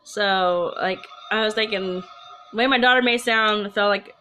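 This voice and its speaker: A woman's voice: mid-range voice, moderate pace, noisy background. A woman telling her own ghost story to camera in a casual, chatty way, rambling with asides and restarts. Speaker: storyteller of personal ghost stories.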